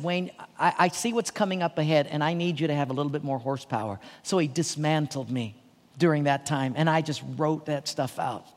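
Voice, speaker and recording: A man with a notably high voice tells a story to a conference crowd, drifting between hushed asides and bright laughing bursts. His voice carries a long hall reverb around it. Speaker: pastor. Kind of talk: conference talk to leaders.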